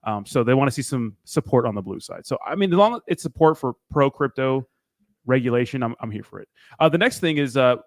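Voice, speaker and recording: A man's voice: medium pitch, animated, quick pace, no room sound, studio quality. A young man co-hosting a casual crypto livestream, laid-back and slangy, laughing easily. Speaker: crypto show co-host.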